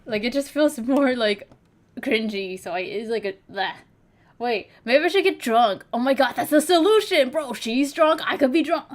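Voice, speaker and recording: A woman's voice: high-pitched, lively intonation, normal speed. A young woman streamer chatting casually, rambling with many fillers and casual swearing. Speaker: vtuber streamer.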